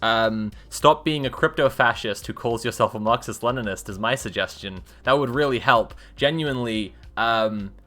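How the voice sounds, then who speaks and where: A woman's voice: extremely low pitch, normal speed, few pauses, fairly bright tone, faint music behind. A woman live-streaming, reading a book aloud and breaking off into sarcastic, rambling commentary. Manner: sarcastic, rambling asides between read passages.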